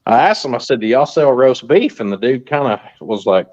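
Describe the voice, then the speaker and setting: A man's voice: medium pitch, lively intonation, fairly quick, a little mellow, highs cut off. A man telling a crude story in casual chat, laughing as he goes.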